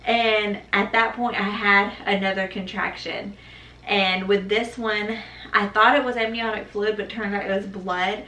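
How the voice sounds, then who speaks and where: Bright-voiced young woman, echoey room. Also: mid-range voice, a little slow. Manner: animated, acts out quoted voices, laughs. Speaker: vlogger telling her birth story. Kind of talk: casual storytelling vlog. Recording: echoey room, mic at a distance.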